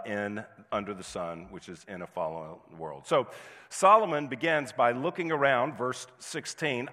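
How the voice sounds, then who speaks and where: A male pastor preaches a conversational sermon, occasionally acting out indignant voices. His voice is medium in pitch with a fairly bright tone, and the recording carries long hall reverb.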